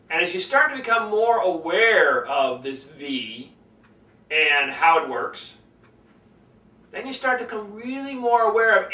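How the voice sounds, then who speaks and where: A man coaching public speaking in a lively lesson, demonstrating different tones of voice as he explains. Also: sits high, echoey room, distant mic, low-quality recording. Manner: animated, demonstrates tones by acting them out.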